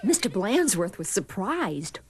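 Slow, expressive woman storyteller. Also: mid-range voice, husky, no echo. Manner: expressive, deliberate. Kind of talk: children's storybook read-aloud.

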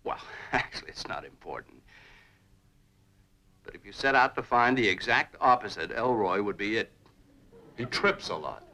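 A man's voice: on the low side, animated, normal speed, long pauses, bright, forceful tone. An actor playing a proud, touchy middle-aged father and family doctor with dry sarcasm, in 1950s sitcom style. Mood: sarcastic. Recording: noisy old TV soundtrack.

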